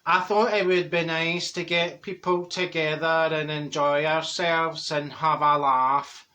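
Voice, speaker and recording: A man voicing a glum, very old woman from Glasgow with a Glaswegian accent, talking in a slow, plaintive drawl. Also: on the high side, steady tone, sharp tone. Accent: Glaswegian Scottish.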